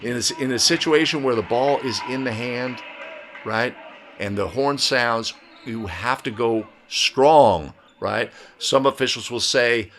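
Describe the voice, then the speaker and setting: A man's voice: mid-range voice, measured pace, fairly bright tone. Emphatic man coaching basketball referees. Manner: coaching, emphatic, with frequent "right?" tags. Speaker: basketball officiating instructor. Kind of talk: instructional video commentary.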